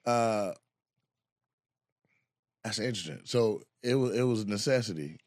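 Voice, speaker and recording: A man hosting a casual podcast chat, telling stories in a loose, profane, animated way. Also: fairly low pitch, unhurried, no echo, studio quality. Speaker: podcast host.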